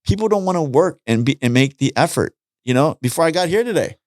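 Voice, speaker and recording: A man's voice: fairly high pitch, fast, no room sound, clean studio sound. A middle-aged man chatting as a podcast guest, telling stories with lots of energy and acting out the dialogue. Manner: animated storytelling, acts out dialogue. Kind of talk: casual chat.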